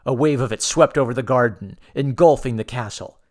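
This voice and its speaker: A man reads a pulp adventure audiobook in the first person. His delivery is measured and dramatic, set at an ordinary middle pitch. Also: darkish tone. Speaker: audiobook narrator. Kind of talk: scripted first-person narration.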